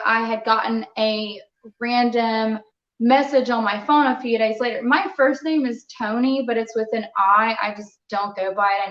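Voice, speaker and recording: A young adult woman, a fighter being interviewed, telling a story in a lively, casual way and acting out what others said. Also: on the high side. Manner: animated, quotes others in conversational retelling. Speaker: muay thai fighter, interview guest. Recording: roomy, slightly dull sound.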